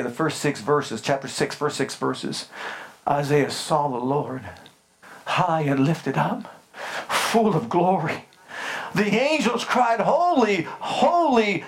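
A man pastor preaching a sermon emphatically, speaking straight to his congregation and building into fervent, rising passages. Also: fairly high pitch. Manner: addresses the congregation directly with calls like "Amen?".

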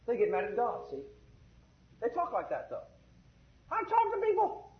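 A fervent man with a notably high voice preaches a sermon, swinging between hushed asides and loud, ringing proclamations. The recording is echoey and muffled, with a dull lo-fi sound. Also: huge pitch swings, moderate pace, pauses often.

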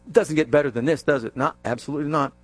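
A male preacher giving a sermon, animated and jokey, acting out scenes as he goes. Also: fairly high pitch, racing.

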